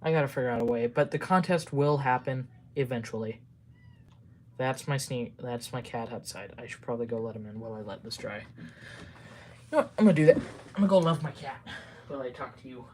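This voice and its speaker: A woman's voice: very deep voice, brisk, a little mellow, a little hiss or hum. A woman with a Minnesotan accent chatting on a casual livestream from home, cooing affectionately at her cat between chatty asides. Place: home room.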